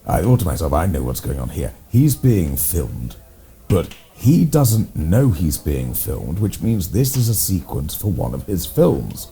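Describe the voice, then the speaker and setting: English man, low and mellow, lively delivery, deadpan rambling raconteur for comedy chat. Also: measured pace. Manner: rambling, deadpan tall tales told with relish. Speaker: co-host playing a gentleman's club character.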